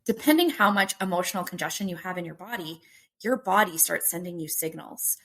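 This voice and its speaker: Animated woman guest explaining stress. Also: lowish voice, a little fast, slight background noise. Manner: animated, acts out inner voices, emphatic. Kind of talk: explaining in an interview.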